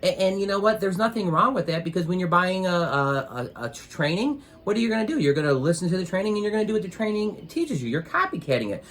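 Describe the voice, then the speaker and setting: A man giving business advice as an interview guest, rambling with many pauses and filler sounds as he tells a motivational story. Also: high voice. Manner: rambling, many ums, grows animated when retelling.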